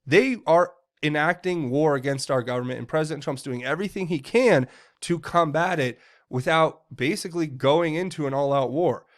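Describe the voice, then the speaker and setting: Guy ranting about politics, kinda high voice, angry, keeps tripping over his words. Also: normal speed. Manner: heated, indignant, stumbles and repeats words. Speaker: political commentator.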